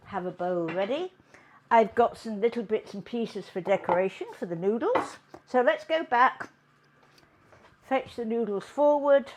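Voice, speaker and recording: A woman hosting a home cooking demonstration, chatting in an unhurried way as she works in her kitchen. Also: medium pitch, darkish tone, a little hiss or hum. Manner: chatty, unhurried, talks while working. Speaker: cooking show host.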